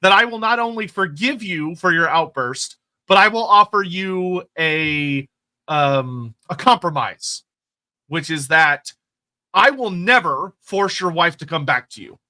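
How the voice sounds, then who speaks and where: A man voicing an imperious deity who hands down a slow, stately judgment. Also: high-pitched, expressive, bright, forceful tone, heavily acted.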